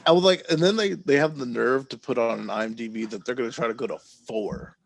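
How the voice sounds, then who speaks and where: A man's voice: mid-range voice, fairly quick, gravelly, dry recording. A man co-hosting a podcast, chatting casually and making wry remarks while reading out film summaries. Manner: wry, reads out film synopses. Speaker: podcast co-host. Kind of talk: casual chat.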